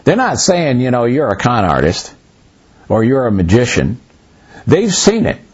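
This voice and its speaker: A man teaching a Bible study in an easygoing, conversational way, his pitch leaping up and down as he tells a story. His voice has a husky, slightly raspy edge. The recording is muffled and lo-fi. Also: a little slow. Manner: animated storyteller, voices dialogue, loose restarts.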